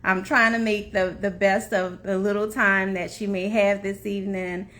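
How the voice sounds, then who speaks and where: A woman's voice: medium pitch, level tone, moderate pace, a bit bright. A young adult woman hosting a casual livestream, chatting to viewers, laughing often and greeting them by name. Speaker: livestream host.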